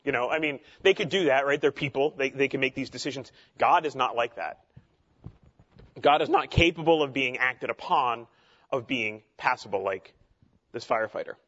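A man leads a theology class in a relaxed, conversational way, full of asides and fillers. His voice sits at a middle pitch, and the recording sounds slightly dull and lo-fi. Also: normal speed. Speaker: teacher.

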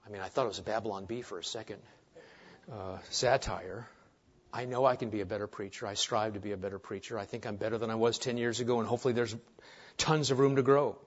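A middle-aged man preaching a sermon as pastor, swinging between hushed asides and loud, emphatic points. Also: on the low side, steady tone, fast. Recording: dull lo-fi sermon recording.

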